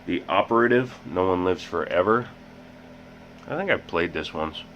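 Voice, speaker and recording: Deep-voiced guy rambling through his game haul, dull audio with steady hiss. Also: normal speed. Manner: rambling, self-mocking, joking asides. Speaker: host. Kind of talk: casual game collection vlog. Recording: muffled with loud background hiss.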